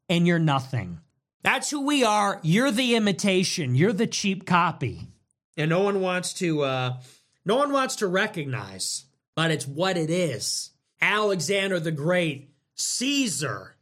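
A young man with a high, lively voice hosts a casual livestream. He riffs in a mocking, animated way and repeats phrases in quick bursts. His pitch swings widely as he goes. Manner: animated, mocking, riffing in rapid repetitions. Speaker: livestream host.

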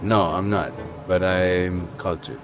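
A low-pitched man with an American accent gives blunt, profanity-laced answers in a street interview. He is outdoors in a city, with faint music in the background. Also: fairly even intonation, slow. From London. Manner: blunt, curse-laden, emphatic.

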